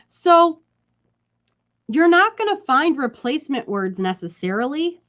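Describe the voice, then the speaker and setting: Chatty woman vlogger, slightly high voice. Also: big pitch swings, takes it slowly, a bit bright, dull audio. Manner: chatty, emphatic, repeats herself, laughs between points. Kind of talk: casual talk to camera.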